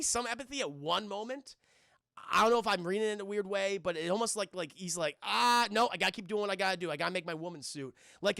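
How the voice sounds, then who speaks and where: Young man streamer, casual film breakdown, profane and chatty, bright, gravelly voice, dry sound. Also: high voice, no room sound. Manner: profane, chatty, keeps addressing chat.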